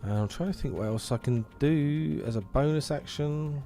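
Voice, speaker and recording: A man's voice: fairly high pitch, normal speed, music in the background. A man playing a tabletop game, thinking aloud casually as he rolls dice. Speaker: player.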